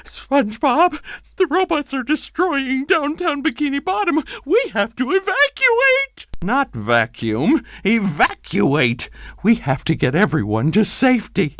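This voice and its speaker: Fretful female pufferfish driving teacher for a cartoon game, slow, exasperated, all over the scale. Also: medium pitch, no room sound. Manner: anxious, exasperated, drawn-out and scolding. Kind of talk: video game character dialogue.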